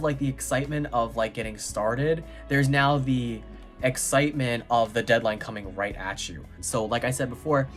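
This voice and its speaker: A young American man from New York giving a casual, chatty book review, full of filler words and quick laughs. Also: mid-range voice.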